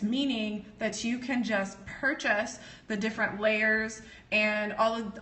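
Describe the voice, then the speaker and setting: On her casual live stream, a business educator from the United States teaches in a digressive, talkative way, laughing a lot and answering comments as viewers post them. She has a bright, forceful voice of medium pitch.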